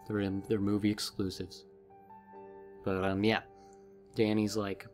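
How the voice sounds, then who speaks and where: A man's voice: fairly low pitch, completely flat delivery, unhurried, long pauses, darkish tone, faint music behind. A man rambling casually through a book recap as a vlogger, with many fillers.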